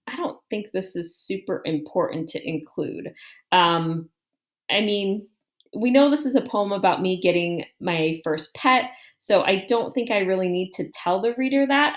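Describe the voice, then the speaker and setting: A woman explains a writing lesson step by step in a calm, measured voice. Her pitch sits in an ordinary middle range, and she thinks aloud as she works through her example. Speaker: teacher. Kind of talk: classroom writing lesson, screen walkthrough.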